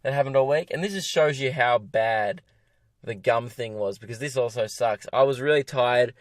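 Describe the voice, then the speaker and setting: A man's voice: medium pitch, moderate pace, no echo. Ranting young Australian man, dry sound. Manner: exasperated, ranting, self-mocking. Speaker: comedian podcast host. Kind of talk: rambling solo podcast rant. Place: parked car.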